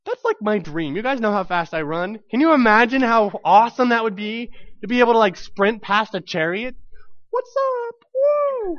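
High-voiced man preaching a lively sermon. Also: brisk, few pauses, dry recording, dull audio. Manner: animated storytelling, acts out quoted voices.

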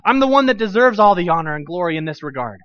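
A man's voice: sits high, lively intonation, moderate pace. A man voicing a proud, angry warrior king who protests indignantly and raises his voice as he storms about. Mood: furious. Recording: dull lo-fi dry recording.

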